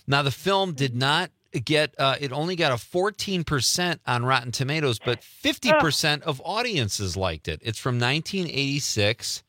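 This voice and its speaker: A man hosting a radio talk show with a bright, lively voice that swings up and down as he announces and laughs along with his guest. The sound is dry and close. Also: mid-range voice, normal speed, few pauses, no echo. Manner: upbeat, laughs easily, showman announcing. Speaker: radio host. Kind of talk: casual radio chat.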